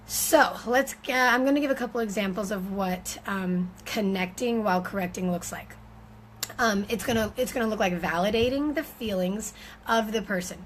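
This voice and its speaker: A woman's voice: mid-range voice, moderate pace, a little hiss or hum, poor audio. A woman giving an informal teaching talk on parenting, speaking conversationally with frequent fillers and restarts.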